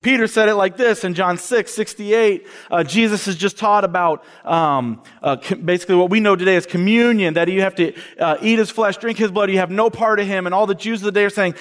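High-voiced preacher man in a reverberant hall. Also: fairly quick, few pauses. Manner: animated, acts out quoted voices. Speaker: campus minister. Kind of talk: sermon to college students.

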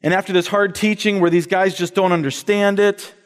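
A high-pitched male preacher gives an animated sermon to college students and acts out the voices he quotes. His voice rings with a long reverb from the large hall he speaks in. He talks like a campus minister addressing his students. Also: a little fast, clean tone.

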